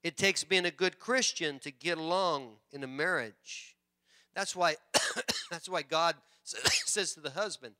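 A man pastor preaching a sermon in church, animated and joking with the congregation. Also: on the high side, a little slow. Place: church sanctuary.

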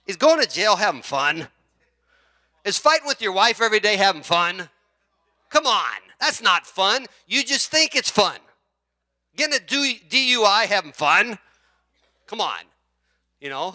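A middle-aged man, a pastor, preaching a sermon in an animated, conversational way, firing off rhetorical questions. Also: high-pitched, moderate pace, dry recording, clean studio sound.

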